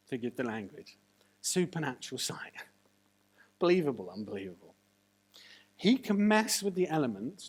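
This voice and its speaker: A preacher giving a sermon, animated and full of jokey asides and rhetorical questions. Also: medium pitch, breathy edge.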